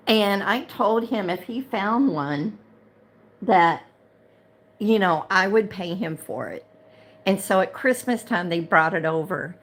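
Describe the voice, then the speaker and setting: Slow-talking heated woman. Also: mid-range voice, a bit bright. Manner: chatty, heated and indignant, repeats herself. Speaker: livestream host and chat moderator. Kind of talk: casual livestream chat.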